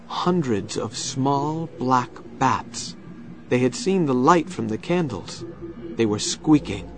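Slow, expressive male storyteller. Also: medium pitch, creaky, faint music behind. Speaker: narrator. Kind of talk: storybook narration.

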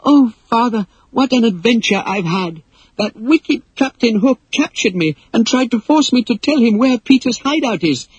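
A man voicing an excited young girl who gushes breathlessly in a storybook reading. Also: very high-pitched, normal speed, slightly rough, dry recording, dull audio, pitched above the performer's own voice, exaggerated voice. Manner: breathless, gushing.

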